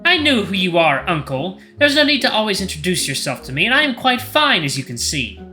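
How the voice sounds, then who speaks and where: A man's voice: high-pitched, very animated, fairly quick, bright, forceful tone, faint music behind, pitched above the performer's own voice, exaggerated voice. A man voicing a stern, regal lioness queen who speaks in a cool, formal, commanding way.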